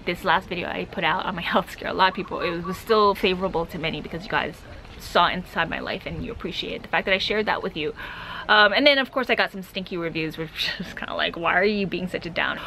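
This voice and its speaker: A woman travel vlogger talking quickly and candidly to her viewers in a casual chat to camera. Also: fairly low pitch, sharp tone, a little hiss or hum, low-quality recording. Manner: fast, chatty, candid.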